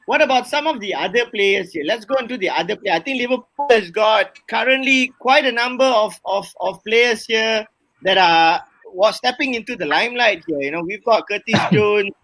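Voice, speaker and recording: A man's voice: sits high, moderate pace, bright, forceful tone, no room sound. A man hosting a casual panel talk over a video call, hesitant and repeating words. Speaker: podcast host.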